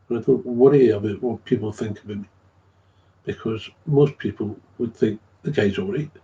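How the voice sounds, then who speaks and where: Man, warm mellow tone, casual rambling recovery talk, dull lo-fi sound. Chuckles as he goes. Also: mid-range voice. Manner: rambling, repeats himself, chuckles often. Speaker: recovering alcoholic sharing his story. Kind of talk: casual monologue. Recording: dull lo-fi recording.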